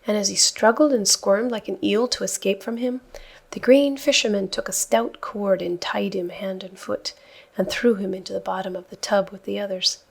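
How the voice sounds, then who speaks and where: A woman reading a children's audiobook in a soft, hushed storytelling manner. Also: mid-range voice, steady tone, moderate pace, vocal fry, slightly rough. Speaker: audiobook reader. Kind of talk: scripted narration.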